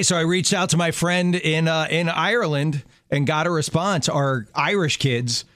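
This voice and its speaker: A middle-aged man co-hosts a talk show in a casual, storytelling way, laughing easily. His voice sits a little high for a man. The sound is close and dry. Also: fairly bright tone, no room sound. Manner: chatty storyteller, quick laughs. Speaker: radio show co-host. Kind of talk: casual chat.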